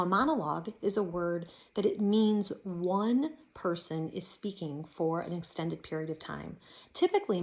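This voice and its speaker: Woman teaching an online drama class. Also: on the low side. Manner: clear, encouraging classroom instructions. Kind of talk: recorded online class lesson.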